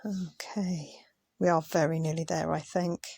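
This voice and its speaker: A woman in a relaxed craft voice-over, talking to herself as much as to the viewer while she sorts. Her voice sits a little low and sounds dry and close to the mic. She comes across tired and unhurried. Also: no room sound. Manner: chatty, muttering asides while sorting. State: tired, yawning. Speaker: craft vlogger. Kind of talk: casual commentary over sped-up footage.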